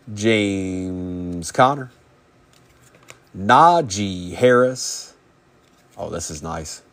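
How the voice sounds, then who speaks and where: Laid-back guy with a lowish voice doing a card break, chatty, rattling off names. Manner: easygoing, chatty, quick rundown of names. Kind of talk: casual live card-break commentary.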